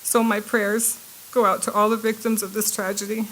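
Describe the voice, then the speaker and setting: A woman's voice: medium pitch, little pitch movement, normal speed, fairly bright tone, a little hiss or hum, poor audio. A woman, a victim's aunt, reads a prepared impact statement in a courtroom, her voice breaking with emotion at times. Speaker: victim's family member giving an impact statement.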